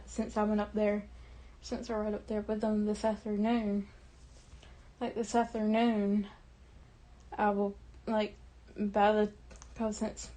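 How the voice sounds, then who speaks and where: A young woman talking casually to her camera, rambling with many restarts and fillers, her voice quiet and tearful. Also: medium pitch, slight background noise, rough recording. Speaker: vlogger.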